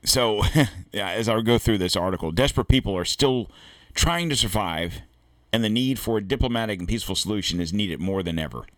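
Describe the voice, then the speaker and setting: A deep-voiced American man hosts a political commentary podcast. He reads an article aloud and stops to add blunt, cursing asides of his own. The sound is dry and close. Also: fairly quick, no room sound. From United States. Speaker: podcast host. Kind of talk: opinionated commentary reading an article.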